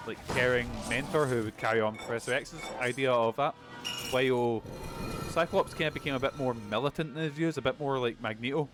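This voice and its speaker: A man streaming a video game, chatting casually and rambling with plenty of swearing. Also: mid-range voice. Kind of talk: casual gaming commentary. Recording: game music behind.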